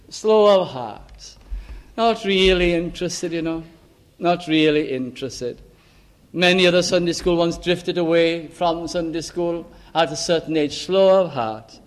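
High-voiced older preacher, fervent. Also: male voice. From Lancashire, England. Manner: fervent, rising to emphatic exclamations, drops to soft asides. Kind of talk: sermon. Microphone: amplified microphone.

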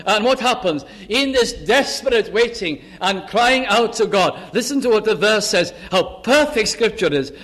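A man preaching a sermon on a psalm, swinging from urgent raised pleas to hushed low asides and quoting scripture in old-fashioned wording. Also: lively intonation, moderate pace, hardly any pauses.

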